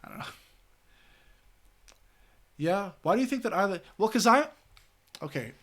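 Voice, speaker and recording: A man's voice: high-pitched, animated, moderate pace, fairly bright tone. A man from the American Southwest chatting casually with his stream audience, rambling and swearing, full of "you know" and "like". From Southwestern United States.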